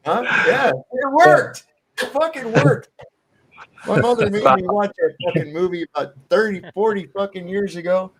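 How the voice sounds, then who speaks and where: A man's voice: sits high, lively intonation, moderate pace, a crowd in the background. A man on a live panel, joking around and swearing freely in casual chat. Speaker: panel member.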